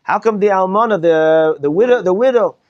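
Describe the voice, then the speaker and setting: A man's voice: high voice, brisk, muffled recording, voice pushed up, lightly acted. A man acting out an old rebbe crying out to God. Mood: anguished pleading. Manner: impassioned, pleading, raising his voice. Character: elderly male rebbe pleading with God.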